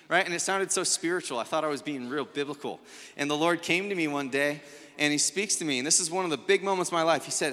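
A man's voice: fairly high pitch, fast talker, a bit bright, long reverb tail. A man preaching to a room of people in a loose, conversational way, acting out the voices he quotes. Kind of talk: conversational sermon to a live room. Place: large room with a congregation.

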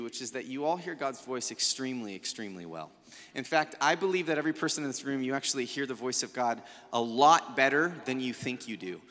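A man's voice: medium pitch, fairly bright tone, long reverb tail. A man preaching to a room of people in a loose, conversational way, acting out the voices he quotes. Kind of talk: conversational sermon to a live room. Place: large room with a congregation.

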